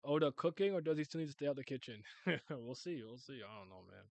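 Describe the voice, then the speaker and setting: A man's voice: medium pitch, animated, fast, a little mellow, no room sound. A young man casually reacting to a manga chapter, joking, rambling and swearing as he reads.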